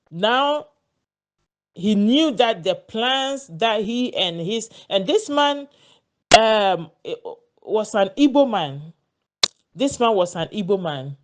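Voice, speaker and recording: A woman telling a personal story in a casual monologue, earnest, often repeating words as she searches for them. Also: mid-range voice. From Ghana. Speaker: vlogger sharing a personal story.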